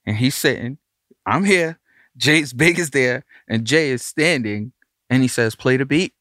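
A man's voice: medium pitch, measured pace, no room sound. A man, a record producer casually telling a studio story and acting out the voices of the people in it. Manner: animated, acts out the voices of others in his story.

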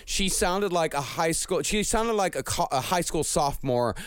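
A male podcast co-host rants casually and swears freely. His voice is fairly high and swings widely in pitch. The sound is dry and close. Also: normal speed, clean tone, no echo. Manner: animated, profane ranting. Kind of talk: casual chat.

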